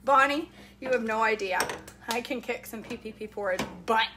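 This cooking vlogger speaks at a normal speed in a slightly high voice, demonstrating a dish casually from her kitchen stove. She teases and bosses the viewer around playfully. The camera sits near the stove, picking up pots clattering and whisking.

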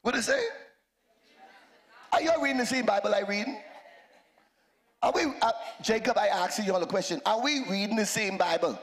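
High, gravelly preacher man, shouting. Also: normal speed, long pauses. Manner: rising to shouts, playful and rousing. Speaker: pastor. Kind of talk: call-and-response sermon. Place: church sanctuary.

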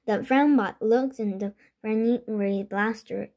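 A woman whose first language is Korean reads a children's chapter book aloud, slowly and with frequent restarts. Her voice is mellow and dark, set a little high for a woman. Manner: halting, with restarts and slips. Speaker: reader.

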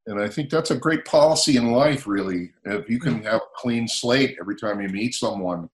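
Speaking at a moderate pace with a voice on the low side, a man from the United States in his sixties shares stories in relaxed conversation. This motivational speaker is an animated storyteller who performs the dialogue he quotes.

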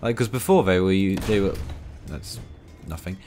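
A man with a very low, deep voice talks over his gameplay in a loose, rambling way. He pokes fun at himself and throws in dry little asides as he plays. A faint hiss sits under his voice. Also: normal speed, a little mellow. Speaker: gaming video creator.

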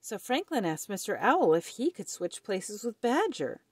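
A woman reading a children's picture book aloud in a slow, expressive storytelling manner. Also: mid-range voice, breathy edge, no echo, clean studio sound.

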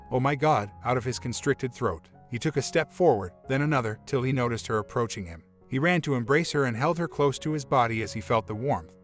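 A man reading a relationship story aloud, voicing every part in one steady voice. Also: mid-range voice. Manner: reads all parts in one even voice. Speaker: story narrator. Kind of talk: scripted narration of a relationship story. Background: faint music.

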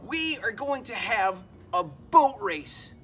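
Brief: a man playing a kind father bear, booming leader of the animals, storybook read-aloud, fairly high voice. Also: lively intonation, moderate pace, soft background music. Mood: announcing. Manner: calls out announcements loudly, then softens fondly.

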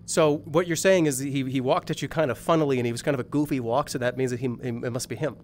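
A man's voice: mid-range voice, fairly even intonation, fast talker, a little hiss or hum. A man playing a multiplayer game, teasing and doubting his friends, often stammering. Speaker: game player. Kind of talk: joking multiplayer game chatter.

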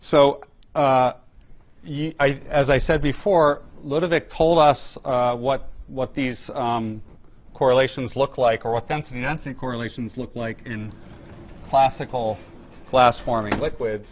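A man's voice: medium pitch, steady tone, measured pace, muffled recording. A man giving a technical physics lecture, explaining step by step with fillers and restarts. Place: lecture room.

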